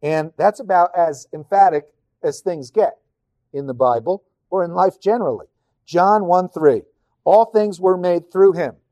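A man teaching on a Bible passage in a measured, emphatic way, often repeating phrases for stress. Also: sits high, dark tone, no room sound, clean studio sound.

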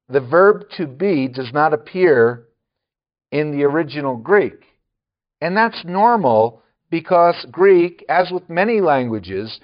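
A man's voice: medium pitch, muffled recording. A man preaching a sermon, often chuckling and adding wry asides.

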